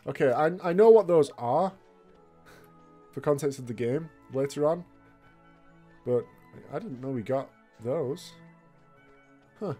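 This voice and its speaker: A man's voice: medium pitch, expressive, a little slow, pauses often, mellow, faint music behind. A man hosting a let's play, commenting on a video game with frequent laughs, swearing and joking asides. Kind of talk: gameplay commentary.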